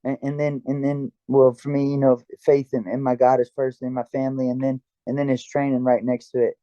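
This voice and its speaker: A man's voice: medium pitch, flat delivery, brisk, dark tone, dry recording. A man as a guest in a casual interview chat, talking in an earnest, reflective way. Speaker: guest, karate fighter and dojo owner. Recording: dull lo-fi dry sound.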